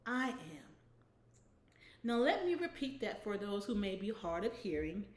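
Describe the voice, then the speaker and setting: A woman's voice: medium pitch, big pitch swings, normal speed, darkish tone, roomy sound. A woman hosting a weekly inspirational devotional, talking conversationally and often checking in with "right?". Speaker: devotional host.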